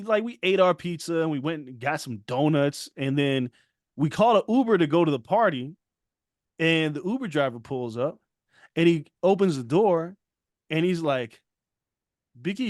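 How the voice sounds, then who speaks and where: Fairly high in pitch and at an ordinary speed, this man's voice comes through at studio quality without echo. As a podcast co-host, he animatedly recounts a story in easygoing chat, voicing other people's lines and laughing often.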